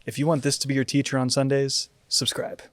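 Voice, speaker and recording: A man's voice: mid-range voice, flat delivery, fairly quick, dry recording. A man hosting a church podcast, asking questions and wrapping up in an upbeat, joking way. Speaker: podcast host. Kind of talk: podcast conversation.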